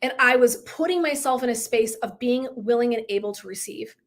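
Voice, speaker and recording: A middle-aged woman with a slightly high voice hosts a casual livestream. She is chatty and earnest, leaning on "like" and "right?" as she coaches her viewers. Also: fairly quick. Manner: chatty, heavy use of "like", earnest and emotive. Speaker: wellness coach.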